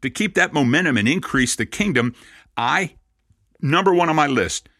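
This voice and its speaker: With a fairly high pitch and a moderate pace, a man in his sixties, a Messianic rabbi, preaches through lively stories and understated self-deprecating remarks. No room sound is audible.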